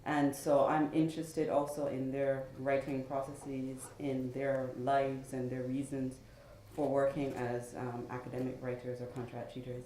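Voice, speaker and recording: A young woman in her twenties with an unusually low, flat, mellow voice introduces herself on a conference panel, correcting herself as she goes. Her voice carries the roomy echo of a large conference room. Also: slight background noise. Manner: quick, with restarts. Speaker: PhD student panelist.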